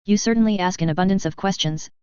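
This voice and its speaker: A woman's voice: medium pitch, quick pace, a little mellow, clean tone, dry recording, dull audio, close to an everyday voice. A woman reading a posh, proper hamster lady. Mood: poised. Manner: posh, formal phrasing. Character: posh, polite female hamster seamstress.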